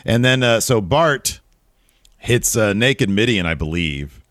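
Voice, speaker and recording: Male podcast co-host, low voice, animated and profane, dry close sound. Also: dry recording. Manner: animated, profane, quick asides. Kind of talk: casual wrestling review chat.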